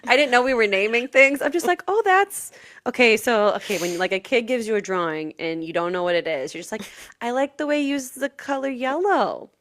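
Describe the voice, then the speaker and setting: Brief: young woman podcast co-host, lively storyteller who acts out quotes, voice sits a little high. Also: a little fast. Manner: animated storytelling with acted-out quotes and frequent laughs. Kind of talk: casual festival recap chat.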